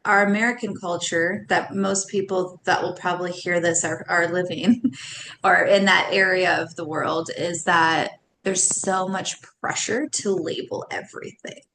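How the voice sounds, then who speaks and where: A woman's voice: fairly low pitch, steady tone, unhurried, a bit bright, a little hiss or hum. A woman in her thirties, a guest on a podcast, talking casually and animatedly and laughing often between thoughts. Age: 30s. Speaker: podcast guest, somatic coach. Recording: roomy echo with faint ambience.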